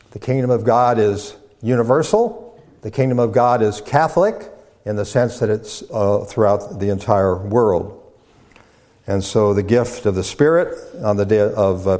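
A man preaching a sermon, teaching from scripture in a measured way with frequent pauses, fillers and restarts. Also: mid-range voice, a little mellow. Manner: halting restarts.

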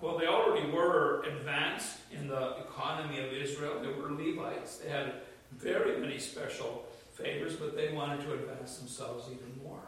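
Older pastor preaching in an echoey church. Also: male voice, fairly high pitch, fairly even intonation, fairly bright tone. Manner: measured preaching with emphatic slow repetitions. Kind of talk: sermon. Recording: roomy echo from a distant mic.

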